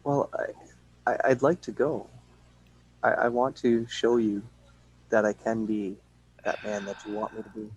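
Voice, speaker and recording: Low-voiced earnest male player. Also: little pitch movement, a little slow, pauses often, a little mellow, husky, rough recording. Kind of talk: playing a character in a tabletop game.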